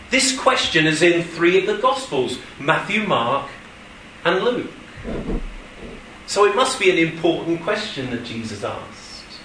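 A high, bright-voiced male pastor delivering a sermon at an unhurried pace. He tells stories with animation and slips into quoted voices. The sound is roomy and comes from some distance off the mic. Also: big pitch swings, a little hiss or hum. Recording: echoey room from a distance.

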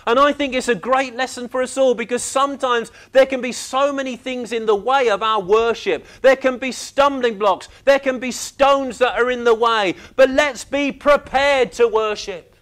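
A man preaching a sermon, telling the story with lively, acted-out reactions. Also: extremely high pitch, normal speed, hardly any pauses. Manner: animated storytelling, acting out reactions.

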